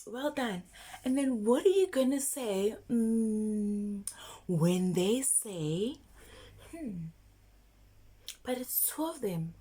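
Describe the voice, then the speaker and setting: Slow sing-song woman teacher. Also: fairly high pitch, lively intonation, warm tone, husky. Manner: slow, sing-song, encouraging repetition prompts. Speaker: isiZulu teacher for children. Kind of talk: children's language lesson.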